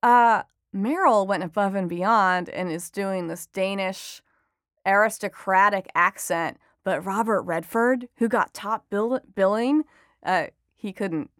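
A woman, an entertainment reporter and author, gives chatty interview answers in a mid-range, fairly bright voice, taking it slowly. She laughs easily and uses lots of ums, recorded dry on a close mic.

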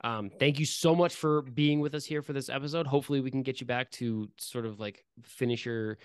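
A man narrates a tabletop game as its game master, pausing often with fillers as he builds the scene. His voice is smooth and resonant, and the sound is close and dry, with no room around it. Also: medium pitch, fairly even intonation, no echo. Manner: halting, filler-heavy narration.

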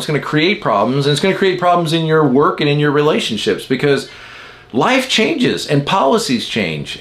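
A man's voice: mid-range voice, fairly bright tone. A man hosting a podcast, talking casually and explaining ideas with everyday stories and self-deprecating asides. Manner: chatty, self-deprecating, acts out quoted people. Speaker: podcast host. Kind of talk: casual teaching monologue.

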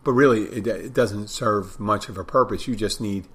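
On his solo podcast, recorded at home in the Florida Keys, a middle-aged bartender chats in a meandering way and keeps correcting himself. He speaks at an ordinary speed in a lowish, slightly rough voice.

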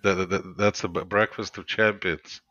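Man, deep voice, tense tone, hesitant and joking, lo-fi dry recording. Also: little pitch movement, normal speed, sharp tone, dry recording. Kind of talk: casual podcast chat. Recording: dull lo-fi mic.

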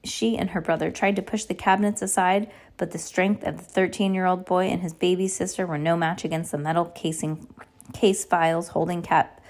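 A woman's voice: fairly low pitch, fairly even intonation, a little fast, a little mellow. A woman reading a novel aloud, often stumbling and correcting herself as she goes. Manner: frequent stumbles and self-corrections. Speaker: reader.

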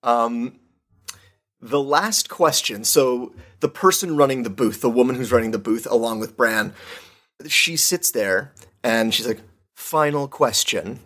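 A man in a mid-range voice runs a tabletop game as game master. His narration is relaxed and loose, full of fillers as he sets each scene. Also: mid-range voice, measured pace. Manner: relaxed, laid-back narration with many fillers.

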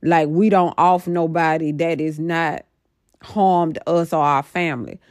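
A woman's voice: low-pitched, a little slow, no room sound, clean studio sound. A middle-aged woman casually recounting a dream in a rambling, emphatic way, full of fillers. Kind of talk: casual storytelling about a dream.

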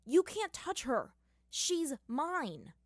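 A woman's voice: high-pitched, animated, moderate pace, dry recording, studio quality, pitched above the performer's own voice. A woman voicing a jealous, possessive young boy who snarls his lines, in a fan fiction reading. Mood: snarling. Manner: snarling, heated. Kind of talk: fan fiction read aloud.

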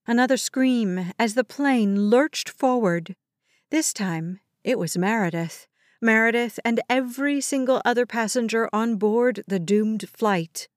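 A woman with a mid-range voice narrates a dramatic audiobook from a script, in a measured storytelling manner. The sound is dry and clean, as in a studio.

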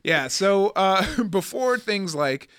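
A man's voice: sits high, animated, takes it slowly, fairly bright tone, smooth, no room sound, clean studio sound. A man in his thirties co-hosting a podcast, rambling and joking, laughing often. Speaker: podcast co-host. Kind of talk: casual chat.

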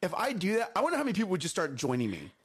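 Lively guy cohosting a morning chat show, kinda high voice, repeats stuff a lot. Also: racing, slightly rough. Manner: animated, repeats himself, laughs often. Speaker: co-host of a morning talk show. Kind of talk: casual chat.

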